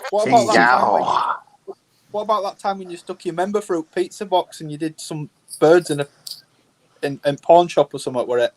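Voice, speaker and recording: A man's voice: fairly high pitch, a little fast. A man bantering crudely on a livestream, teasing and cackling with laughter. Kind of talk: casual banter.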